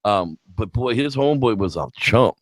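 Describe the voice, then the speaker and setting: Man, movie review co-host, casual chat, lively pitch, dry close sound, rambling, swearing. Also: normal speed, dry recording.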